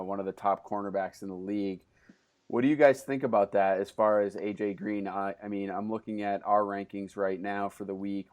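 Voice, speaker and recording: A man with a fairly low voice hosts a laid-back podcast conversation. He talks loosely and keeps stopping to restart his sentences, with lots of "uh" and "um" as he steers the chat. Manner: relaxed, loose, with frequent fillers and restarts. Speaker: podcast host.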